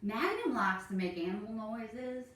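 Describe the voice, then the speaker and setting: A woman's voice: fairly high pitch, big pitch swings, measured pace, fairly bright tone. A woman leading a joking yoga class in a goofy, laid-back way. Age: 40s. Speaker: yoga instructor. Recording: echoey room, mic far off.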